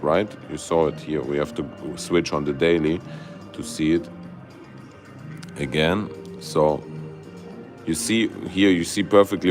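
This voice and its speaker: Low-voiced man streaming live chart commentary. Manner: excitable, loose grammar, many fillers and "guys". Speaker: crypto livestream host.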